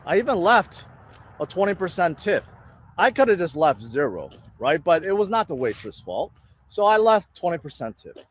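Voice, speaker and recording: A man's voice: high-pitched, very animated, moderate pace, slightly rough, no room sound. A man telling a story about a restaurant bill in an indignant, casual rant. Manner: indignant, retells his own side of an argument. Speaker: storyteller in a played clip.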